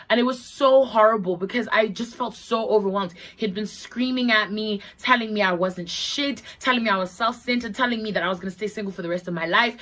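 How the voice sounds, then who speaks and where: A woman's voice: medium pitch, fairly bright tone, low-quality recording. A young woman from Zimbabwe telling a story on her vlog, retelling it dramatically with acted-out quotes and plenty of swearing.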